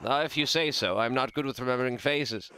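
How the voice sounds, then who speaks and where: A man's voice: mid-range voice, a little fast, bright, forceful tone, clean tone, close to an everyday voice. Man doing a flustered stammering monk. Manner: stammering, apologetic. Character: flustered male monk, nervous and deferential.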